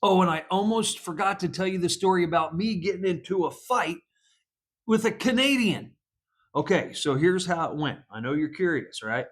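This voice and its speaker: Brief: lively American man, slightly high voice, chatty vlog storytelling, big pitch swings. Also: moderate pace. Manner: animated, laughing, voice swinging up and down. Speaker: police psychologist.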